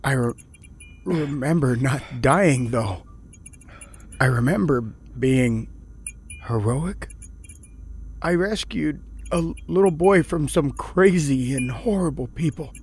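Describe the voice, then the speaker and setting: An actor playing a troubled male prisoner who swings between angry outbursts and regretful narration, with a slightly husky voice. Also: mid-range voice, lively intonation, slow pace, pauses often, a little mellow, a little hiss or hum. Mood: reflective. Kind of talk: audio drama with first-person narration.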